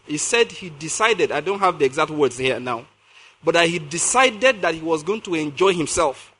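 A man's voice: high voice, bright, forceful tone. A man preaching a sermon, reading scripture aloud, explaining it with emphasis and asking his listeners questions. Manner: emphatic, repeats key phrases, asks the audience questions.

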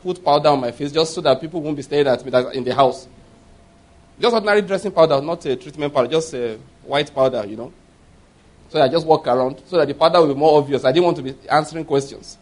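A middle-aged man preaching a sermon, telling personal stories with animated quoted voices and laughing at his own tales. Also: a little high, quick pace. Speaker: pastor.

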